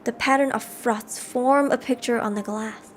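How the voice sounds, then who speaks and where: A woman live-streaming a game, reading the story text aloud and chatting with viewers in an animated way. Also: a little high, normal speed. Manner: animated, chatty, reads narration aloud between chat replies.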